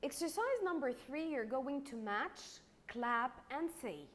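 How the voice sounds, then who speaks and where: A young woman with an Egyptian accent and a high, expressive, slightly bright voice teaches a primary English lesson recorded online. She goes slowly and patiently, repeating words and stretching them out to clap their syllables.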